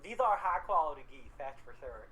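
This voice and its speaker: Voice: medium pitch, lively intonation, fairly quick, bright, forceful tone, a little hiss or hum, low-quality recording. A game master voicing a wacky male dragonborn shopkeeper who loves geese, with folksy, eager sales patter, in a tabletop game. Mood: eager salesman. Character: quirky goose-loving dragonborn shopkeeper, male. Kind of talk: tabletop role-play voice.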